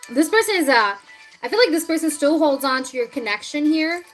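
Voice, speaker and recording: A woman's voice: high voice, animated, moderate pace, fairly bright tone, faint music behind, low-quality recording. Chatty woman reading tarot live. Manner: chatty, addresses viewers by name, frequent throat-clearing. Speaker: tarot reader hosting a live stream.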